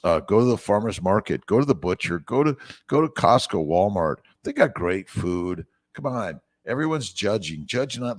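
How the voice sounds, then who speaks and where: A man's voice: sits low, no room sound, studio quality. A man in his sixties hosting a morning livestream, rambling in an encouraging way as he reads out viewer names and comments. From United States. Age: 60s. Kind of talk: casual livestream chat reading viewer comments. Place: away from his usual office. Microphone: phone mic.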